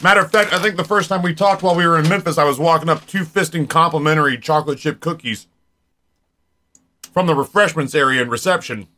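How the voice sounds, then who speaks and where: Streamer, forties, male: rambling casual chat, bright tone, a bit higher voice. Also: fast. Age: 40s. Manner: rambling, chatty, talks straight to viewers.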